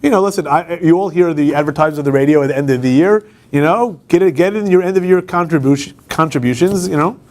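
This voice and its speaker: A man's voice: fairly high pitch, fast, hardly any pauses, darkish tone, a little hiss or hum. A man, a campus rabbi, giving an informal classroom lecture, talking conversationally and putting questions to the class. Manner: conversational, asks the class questions, frequent restarts. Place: law school classroom.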